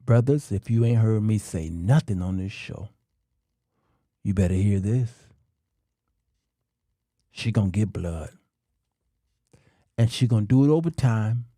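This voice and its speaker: A middle-aged man hosting a talk show, delivering a slow, emphatic monologue to men with long dramatic pauses. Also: lowish voice, dark tone, dry recording, clean studio sound.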